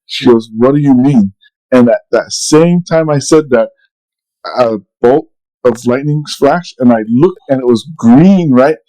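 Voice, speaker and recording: A man's voice: medium pitch, measured pace, warm tone, rough recording. A middle-aged man casually telling a long story on a podcast, rambling with many restarts and quoted dialogue. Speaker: podcast co-host.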